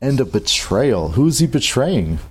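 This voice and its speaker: A man's voice: medium pitch, big pitch swings, a little slow, breathy edge. A man with a New Jersey accent, co-hosting a podcast in casual, mumbly, playful chat. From New Jersey, USA. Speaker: podcast co-host.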